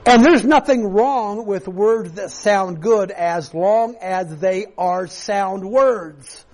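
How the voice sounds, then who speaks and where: A man's voice: high voice, slow pace, darkish tone, rough recording. A man preaching a sermon to his congregation, earnest and conversational, often restarting and repeating words as he goes. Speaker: pastor.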